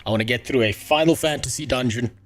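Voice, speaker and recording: A man's voice: mid-range voice, fast, soft background music. A man livestreaming who greets his chat and rants angrily, swearing constantly. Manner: angry profane ranting. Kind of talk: casual live-stream chat.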